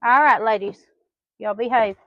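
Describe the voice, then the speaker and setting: A woman's voice: on the high side, normal speed, slight background noise. A woman chatting while she does chores in a poultry pen, scolding her hens like children in a sing-song voice. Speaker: farm vlogger. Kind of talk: casual talk while doing farm chores. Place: outdoor poultry pen on a small farm. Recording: dull lo-fi outdoor recording.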